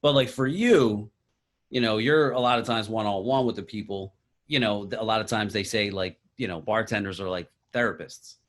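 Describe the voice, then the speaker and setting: A man hosting a casual podcast, laid-back and halting, with casual swearing. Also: lowish voice, fairly bright tone. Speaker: podcast host.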